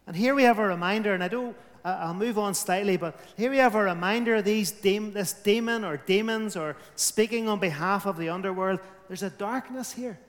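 A man's voice: high voice, a little fast, hardly any pauses, big-room sound. A man preaching a sermon, emphatic, his volume rising and falling.

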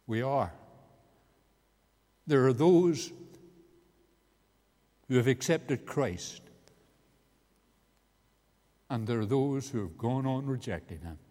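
A man's voice: mid-range voice, a little mellow. A man preaching an evangelistic sermon in a meeting house, earnest and building to emphatic peaks. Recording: long hall reverb.

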